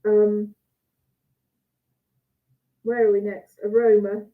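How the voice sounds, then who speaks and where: This cheese judge talks slowly in a flat, mid-range voice. She's on a video call with tinny, phone-like audio, chatty and musing out loud while she cuts and tastes.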